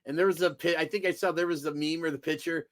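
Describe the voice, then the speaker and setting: A man co-hosting a casual podcast, excitable and quick to exclaim. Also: a little high. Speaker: podcast co-host. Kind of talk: casual chat.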